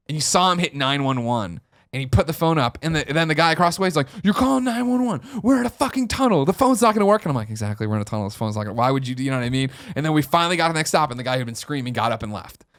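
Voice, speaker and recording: An American man telling a story on a casual podcast, acting out the quoted lines with sudden loud outbursts. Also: medium pitch. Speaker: podcast host.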